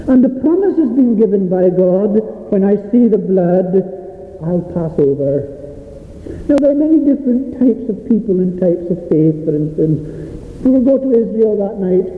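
A man preaching a sermon in a church, earnest and repetitive, stretching out key phrases for emphasis. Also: sits high. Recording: echoey hall, dull lo-fi sound.

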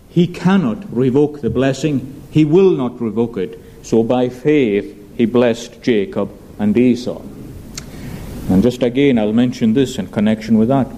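A man preaching a sermon in an earnest, measured way, addressing the congregation as his friends. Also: mid-range voice, dark tone, low-quality recording. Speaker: pastor.

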